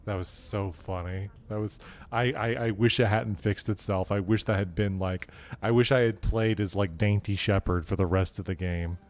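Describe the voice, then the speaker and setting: A man streaming a video game live, laughing hard and reacting with excited, profane commentary. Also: lowish voice, normal speed.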